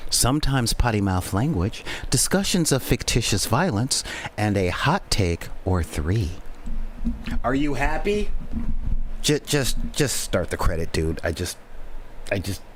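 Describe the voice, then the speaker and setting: A man's voice: fairly low pitch, sing-song, a little slow, slight background noise. A sleep-deprived man hosting and running a tabletop role-playing stream, joking and rambling and often tripping over his words. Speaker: host and game master. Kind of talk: casual streamed tabletop game intro.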